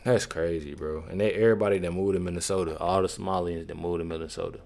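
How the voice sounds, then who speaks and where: A man's voice: sits low, steady tone, quick pace, vocal fry, very noisy. A man hosting a reaction commentary, rambling and repeating himself, talking to viewers as y'all and bro. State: has the hiccups. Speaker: commentary channel host.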